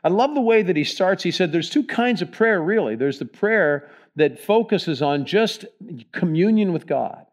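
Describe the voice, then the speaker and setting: Preaching pastor swinging loud to hushed. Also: male voice, high voice, lively intonation, normal speed. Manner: leads the congregation in reading aloud together. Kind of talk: sermon. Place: church sanctuary.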